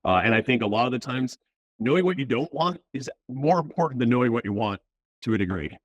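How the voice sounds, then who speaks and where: A man, a tech executive, talking casually in an interview, relaxed and full of slang and filler words. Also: medium pitch, quick pace, no echo, dull audio. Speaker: VP of platform engineering, guest.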